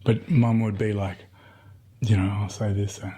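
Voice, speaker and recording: A man's voice: lowish voice, flat delivery, moderate pace, warm tone, breathy edge. A middle-aged man, from Tasmania, talking casually as an interview guest and rambling through stories with many fillers and restarts. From Tasmania, Australia.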